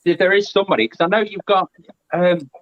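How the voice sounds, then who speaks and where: Chatty guy on a video call, slightly high voice, muffled lo-fi audio. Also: fast, no echo. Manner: chatty and animated. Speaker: guest. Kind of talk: casual live-stream chat.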